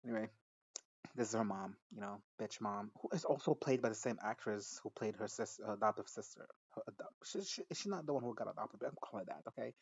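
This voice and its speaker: A man's voice: fairly low pitch, fast talker, breathy edge, highs cut off. A man casually recapping a TV episode, rambling and swearing, often giggling and cutting himself off mid-sentence. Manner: rambling, profane, giggly, self-interrupting. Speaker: show recap reviewer.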